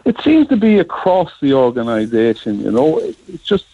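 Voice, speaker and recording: An Irish man interviewed as a guest on a radio show, speaking in a measured, earnest way and pausing to pick his words. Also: medium pitch, huge pitch swings, dark tone, breathy edge, lo-fi sound. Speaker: guest, union representative.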